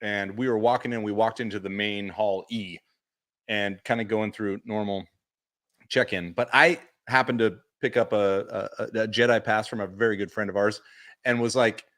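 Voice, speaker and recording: A man co-hosting a podcast, chatting casually and telling convention stories, acting out what people said with big jumps in his voice. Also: moderate pace. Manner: animated storyteller, acts out quotes with big pitch jumps. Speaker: podcast co-host. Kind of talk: casual chat recap.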